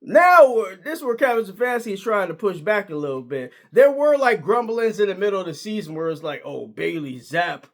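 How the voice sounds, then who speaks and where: A man's voice: high-pitched, very animated, brisk, few pauses, a bit bright. A man giving a casual, emphatic sports opinion monologue, full of slang and repeated points. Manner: emphatic, repetitive, slangy, argumentative. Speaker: sports commentator.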